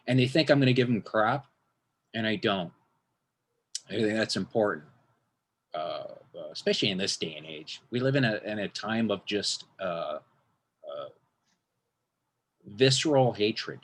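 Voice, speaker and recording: A man's voice: fairly low pitch, moderate pace, pauses often. A man, a magician, talking in a casual interview, rambling with frequent restarts and acting out quotes.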